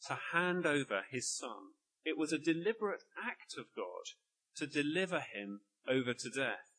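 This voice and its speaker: Husky, lively male preacher. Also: on the high side, low-quality recording. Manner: earnest, emphatic, explaining. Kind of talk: sermon.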